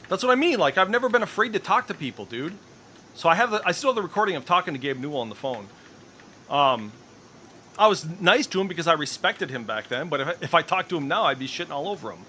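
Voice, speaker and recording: A middle-aged man holds forth on his stream in a bright, lively voice that swings up and down as he goes. He swears constantly and states his opinions bluntly. Faint noise sits under the recording. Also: sits high. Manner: profane, opinionated, ranting. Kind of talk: casual voice chat.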